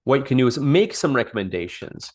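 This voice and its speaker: A man's voice: mid-range voice, sing-song, fairly quick, darkish tone. A man coaching a small group on sales over a call, talking off the cuff, repeating and restarting phrases and acting out sample dialogue. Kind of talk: live online coaching session.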